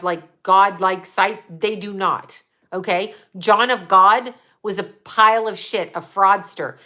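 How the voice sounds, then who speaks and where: A woman's voice: medium pitch, pushed and bright. A woman hosting a show, ranting bluntly and profanely in an agitated, casual way. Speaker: host.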